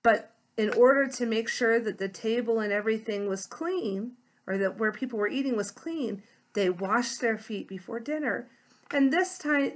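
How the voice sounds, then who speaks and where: A woman deacon gently telling a children's Bible story and explaining it. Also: a little high.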